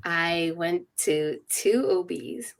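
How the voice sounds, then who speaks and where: A woman's voice: lowish voice, takes it slowly. A woman in her thirties telling a personal story in casual chat, acting out the people she quotes and laughing often. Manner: animated, acts out quoted voices, laughs often. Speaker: podcast guest.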